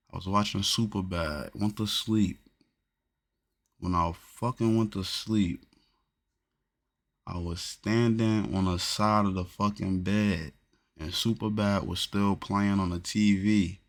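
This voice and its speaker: Man, very low voice, casual, profane, slangy storyteller. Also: flat delivery, a little slow. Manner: loose, profane storytelling, peppered with "bro". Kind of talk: casual chat.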